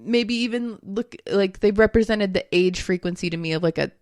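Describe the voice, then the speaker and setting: A woman's voice: medium pitch, moderate pace, darkish tone, no echo, clean studio sound. A young woman, a podcast co-host, talking candidly and casually, with lots of fillers. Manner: chatty, filler-heavy, candid. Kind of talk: casual spiritual chat.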